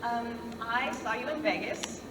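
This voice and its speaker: A woman's voice: on the high side, moderate pace. A woman fan politely asking a question at a convention, a little nervous. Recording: echoey hall recorded from far off, noisy.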